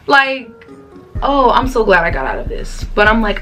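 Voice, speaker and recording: A woman's voice: on the high side, wildly swooping pitch, measured pace, pauses often, a bit bright, soft background music. A young woman telling a casual storytime in her bedroom, chatty and slangy, talking straight to her viewers on camera. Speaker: vlogger.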